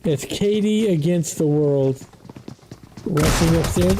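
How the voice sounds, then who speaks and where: An esports caster doing play-by-play commentary, chatty and excitable, with the voice jumping up on every knockdown. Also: a little slow, background noise. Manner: excitable, pitch jumps on knockdowns; chatty asides about the broadcast controls.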